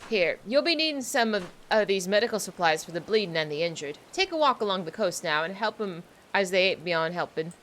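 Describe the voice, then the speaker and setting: A woman's voice: medium pitch, sing-song, a little fast, hardly any pauses, fairly bright tone, a little hiss or hum. A woman voicing a male soldier, reading his game lines with a put-on pirate-style drawl. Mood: reassuring. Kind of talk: reading game dialogue aloud on a stream.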